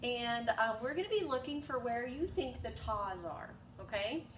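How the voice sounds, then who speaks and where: A woman's voice: fairly high pitch, lively intonation, normal speed. A woman teaching an elementary music lesson, patient and encouraging, sometimes singing examples. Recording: echoey room, distant mic, noisy.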